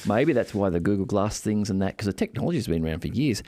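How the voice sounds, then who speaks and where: A man's voice: fairly low pitch, fast talker, dry recording, studio quality. A man in casual podcast chat, telling stories and acting out the people in them. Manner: animated storyteller, acts out quoted voices.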